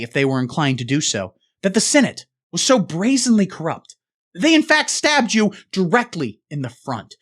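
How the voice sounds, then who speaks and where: A man's voice: sits high, a bit bright. A man hosting a satire show, delivering a political rant in a mock-serious pundit manner.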